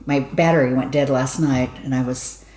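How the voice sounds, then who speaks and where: A woman's voice: extremely low pitch, fairly even intonation, a little mellow, echoey room. A woman co-hosting a stitching show, joking and giggling in casual chat. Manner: playful, giggly, quick jokes. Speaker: co-host.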